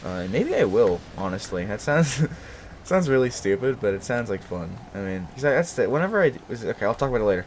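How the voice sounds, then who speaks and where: A man's voice: mid-range voice, expressive, fairly quick, slight background noise. A man in his twenties from Brooklyn, New York, chatting casually as a host, rambling with frequent swearing, laughter and self-corrections. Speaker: channel host. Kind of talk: casual chat.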